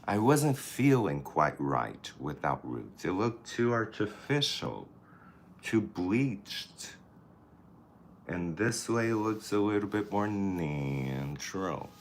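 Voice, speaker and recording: Man, very low voice, unhurried, campy chatty vlogger, faint background hum. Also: sing-song. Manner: chatty, campy, talks to the camera and people nearby. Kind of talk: casual get-ready-with-me chat.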